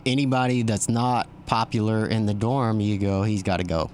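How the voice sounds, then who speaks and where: A man's voice: lowish voice, fairly even intonation, moderate pace, a little mellow, slight background noise. A man from Texas, a podcast guest, telling stories in a laid-back way and laughing often. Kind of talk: casual podcast interview.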